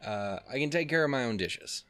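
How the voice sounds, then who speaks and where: A let's player with a bright, animated, mid-range voice moves briskly through a visual novel on his channel. He reads the text aloud, breaking off into rambling, profane, self-deprecating asides as casual game commentary.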